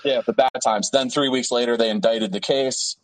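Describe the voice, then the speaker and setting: A man's voice: medium pitch, moderate pace, rough recording. A man from Pittsburgh, an interview guest, telling a story casually with a lot of swearing and filler words. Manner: profane, animated storytelling with many fillers.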